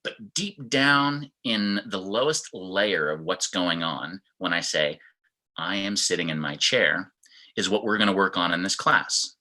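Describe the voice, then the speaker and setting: A man with a fairly low but bright, forceful voice leads an online fitness class. He explains things step by step and breaks into demonstrations of how the same sentence sounds in different tones. It sounds like he is on a video call. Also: low-quality recording. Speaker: fitness instructor.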